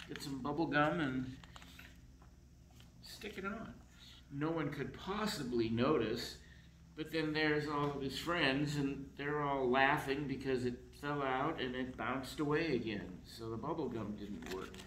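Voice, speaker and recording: A man reading a children's picture book aloud in a slow, expressive storytelling voice, in council chambers. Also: medium pitch, roomy sound, a little hiss or hum, poor audio.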